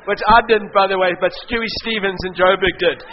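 A man preaching a sermon, telling stories in an animated, joking way and often laughing. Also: high voice, brisk, a little hiss or hum. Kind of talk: sermon storytelling. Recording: echoey hall, dull sound.

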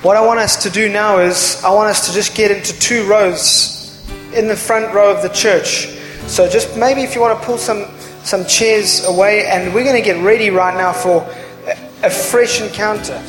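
Man church leader, high voice, calm directions to the congregation, loud music, echoey hall. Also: moderate pace. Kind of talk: giving instructions to a congregation.

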